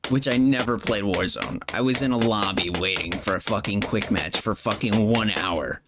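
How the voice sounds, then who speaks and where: A man's voice: on the low side, normal speed. A man hosting a gaming stream, chatting casually with blunt, profane banter. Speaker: stream host. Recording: noisy game stream audio.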